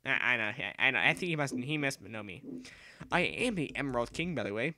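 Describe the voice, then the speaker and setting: A young man commentating his own gameplay, excitable and rambling, yelling and repeating himself as he plays. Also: mid-range voice, fairly quick, no echo, clean studio sound. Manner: excitable, yells and shrieks when playing. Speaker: gaming YouTuber.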